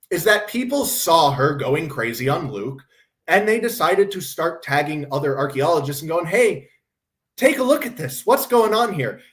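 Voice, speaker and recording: A man with a slightly high speaking voice hosts a casual stream, talking in a blunt, sardonic way. He swears freely and mocks what he describes. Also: fairly bright tone. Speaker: host.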